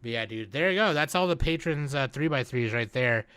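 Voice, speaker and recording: A man's voice: medium pitch, expressive, a little fast, fairly bright tone, smooth, no echo. A man hosting a podcast in casual chat, joking and laid-back. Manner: joking, laid-back, says dude a lot. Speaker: podcast host.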